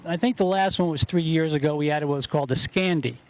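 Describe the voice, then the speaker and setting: A man with a New Jersey accent and a somewhat high voice talks in easygoing casual chat. He explains things patiently, with a light chuckle in his manner. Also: fairly even intonation, fast, a little mellow, a little hiss or hum. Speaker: guest, golf tournament organizer. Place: outdoors at a golf event.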